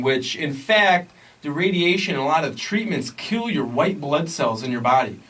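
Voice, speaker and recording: A man's voice: fairly high pitch, expressive, normal speed, hardly any pauses, a bit bright, recorded from a distance, rough recording. A man hosting a podcast, talking in an earnest, preachy way about health and diet. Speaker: podcast host. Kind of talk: casual podcast chat.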